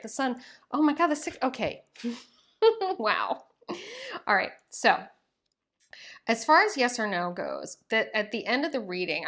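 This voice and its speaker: A woman's voice: mid-range voice, a bit bright. A young woman hosting a casual tarot reading to camera, gushing and affectionate, with many ums and likes, recorded at home. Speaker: tarot reader and channel host.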